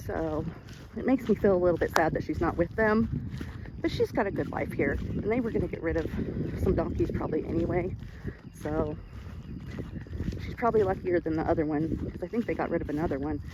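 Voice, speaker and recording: Walking her ranch outdoors, a Texan woman talks briskly and chattily in a casual vlog, slightly out of breath, using a high sing-song baby voice whenever she addresses her animals. Heavy background noise, outdoor ambience and animal sounds fill the recording.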